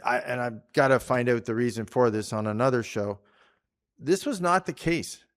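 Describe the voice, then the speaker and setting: A man's voice: medium pitch, moderate pace, a bit bright. A man from Canada co-hosting a casual talk show on policy, chatty and rambling, often laughing. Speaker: podcast co-host. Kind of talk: casual chat about policy.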